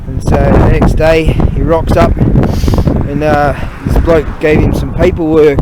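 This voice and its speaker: Man, slightly high voice, rambles and curses mid-story outdoors, heavy wind roar on the mic. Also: fairly even intonation. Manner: halting, swears freely, loses his train of thought. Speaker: vlogger. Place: outdoors on a cold walk.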